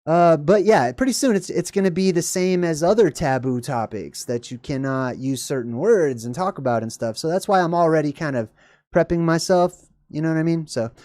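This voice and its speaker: A man's voice: moderate pace, no echo. Jokey man riffing over a video. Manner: animated, jokey, voice jumps high when excited. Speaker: video host. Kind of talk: casual reaction commentary.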